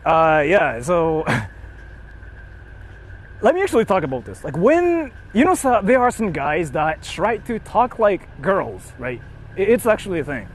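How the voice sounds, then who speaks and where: Lively, animated young man chatting. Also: fairly high pitch, slow pace, a little hiss or hum. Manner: animated, playful and sweary. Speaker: streamer. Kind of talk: casual live-stream chat reading donations.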